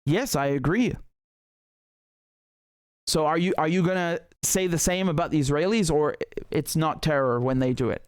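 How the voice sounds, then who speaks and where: A man's voice: fairly high pitch, moderate pace, pauses often, clear, resonant tone, no room sound. A man hosting a live political commentary show who talks in a heated, indignant way, often repeating words and restarting sentences.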